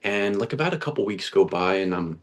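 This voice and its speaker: A young man with a very low voice tells his acting story in a relaxed interview. He is chatty and earnest, restarts his sentences often and drops casual slang. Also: brisk. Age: young adult. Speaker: guest, actor.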